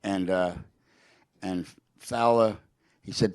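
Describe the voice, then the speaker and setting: A man's voice: lowish voice, normal speed, gravelly, no room sound. An older man telling anecdotes as a guest in a public conversation, with frequent restarts and quoted remarks. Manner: rambling anecdotes with restarts, quoting a president.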